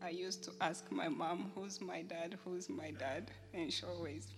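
A woman telling a personal testimony at a church service in a halting way, with small laughs along the way. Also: fairly low pitch, fairly even intonation, background noise. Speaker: church member giving testimony.

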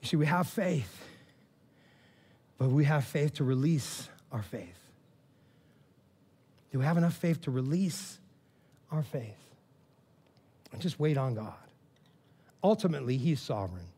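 A man preaching a sermon in a casual, animated storytelling way, often saying "man" and "all right", rising to loud, excited preaching. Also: medium pitch, a little slow, long pauses, breathy edge. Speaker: pastor.

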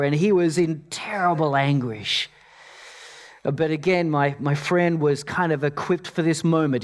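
Man preaching, voice a bit high, repetitive storytelling sermon delivery. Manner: storytelling with many repeated words. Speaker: pastor.

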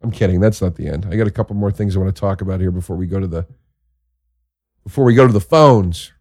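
A man who is a comedian hosting a show, telling a crude story in a casual monologue that swings into excited exaggeration. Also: low voice, fast talker, no echo, studio quality.

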